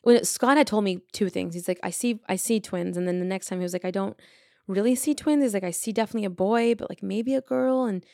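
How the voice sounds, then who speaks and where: A woman in her thirties talks through a casual personal update in a chatty, rambling way, full of fillers. Her voice has a gravelly fry at the ends of phrases. She is recorded close and dry. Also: medium pitch, fast talker, warm tone, dry recording. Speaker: podcast host.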